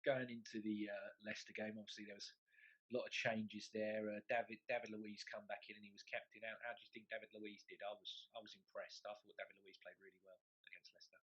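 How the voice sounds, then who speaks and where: A man's voice: on the low side, flat delivery, fast talker, fairly bright tone, muffled recording. A young man co-hosting a casual football chat, laughing often and restarting his sentences. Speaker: podcast co-host.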